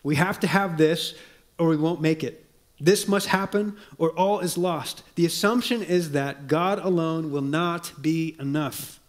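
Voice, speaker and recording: A pastor delivers a sermon in an earnest, measured way, dropping into soft, low tones to press a point. He also reads quotations aloud.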